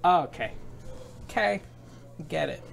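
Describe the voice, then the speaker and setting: Gravelly, joking male commentator. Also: a little high, animated. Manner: joking, quick to react, playful asides. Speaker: stream commentator. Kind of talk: casual game commentary.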